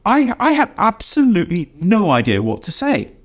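An older English man, a game designer being interviewed, telling anecdotes in a lively way and acting out the voices of people he quotes. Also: sits high, normal speed. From England. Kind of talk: animated storytelling in an interview.

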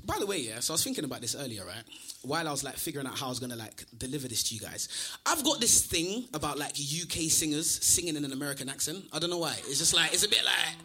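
A man's voice: fairly high pitch, big pitch swings, fast, sharp tone, slightly rough. A man, a spoken word performer chatting in a rambling, filler-heavy way to a live crowd at a venue with a band. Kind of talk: live stage patter with a crowd.

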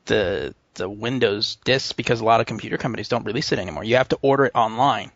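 A man's voice: on the low side, fast talker, fairly bright tone, no room sound. Man, West Coast American accent, casual tech podcast co-host, rambling, laughs a lot, dry slightly muffled sound. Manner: rambling, restarts, laughs often. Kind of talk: casual tech news chat.

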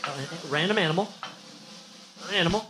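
A man running a comedy party game with excitable, announcer-style banter. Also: high voice, fast, slight background noise, low-quality recording. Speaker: game host guest.

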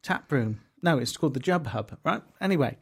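A man's voice: on the high side, animated, brisk, vocal fry, husky. A man co-hosting a comedy podcast, rambling and jokey, with plenty of swearing. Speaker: podcast co-host. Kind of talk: casual banter.

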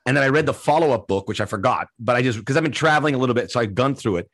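Podcast host: mid-pitched man, rambling, chatty, easygoing. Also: rapid-fire, fairly bright tone. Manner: rambling, chatty, restarts often. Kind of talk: casual podcast chat and commentary.

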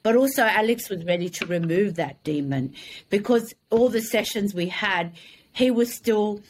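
A woman, a psychic medium, calmly explaining during an interview. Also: mid-range voice, moderate pace, a little hiss or hum. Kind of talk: casual conversation.

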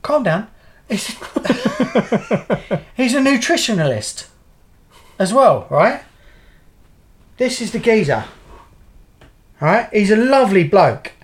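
A man's voice: sits high, very animated, slow pace, pauses often. Rambling man telling stories. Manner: rambling storyteller, swears freely. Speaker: podcast co-host. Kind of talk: casual chat.

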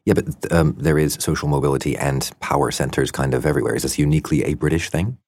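A man's voice: extremely low pitch, fairly even intonation, fast talker, a little mellow, dry recording, studio quality. A man hosting a podcast, asking brief probing questions and reading the show outro. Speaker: podcast host.

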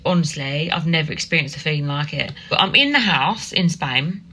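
Bright-voiced Essex woman, chatty podcaster. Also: low voice, animated, a little fast, poor audio. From Essex, England. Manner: chatty, dramatic storytelling with many fillers. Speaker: podcast host. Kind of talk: casual solo podcast chat.

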